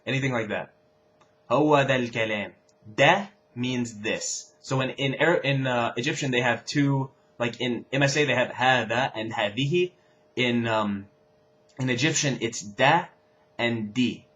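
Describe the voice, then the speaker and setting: A young man talks through phrases in a casual teaching voice of middling pitch. He says each example phrase again with lively stress before explaining it. The recording sounds a little dull and lo-fi. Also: moderate pace. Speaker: language teacher.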